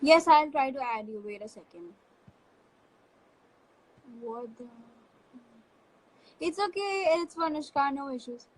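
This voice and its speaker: A woman's voice: sits high, expressive, unhurried, pauses often, low-quality recording. A woman hosting a casual live stream, chatty and upbeat, reading fan comments aloud into a phone.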